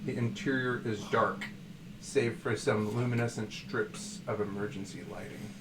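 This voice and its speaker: Man narrating as game master, relaxed and halting, echoey room, noisy background. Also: medium pitch. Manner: relaxed, hesitant, many fillers.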